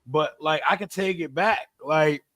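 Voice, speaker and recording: Easygoing young man, slightly high. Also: unhurried, fairly bright tone, dry recording, clean studio sound. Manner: easygoing, reflective, a little dramatic. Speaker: podcast guest. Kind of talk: casual sports podcast chat.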